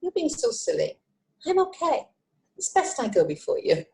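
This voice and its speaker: A woman voicing her elderly mother, gently scolding and reassuring her grown child. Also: fairly high pitch, sing-song, normal speed, gravelly, pitched above the performer's own voice.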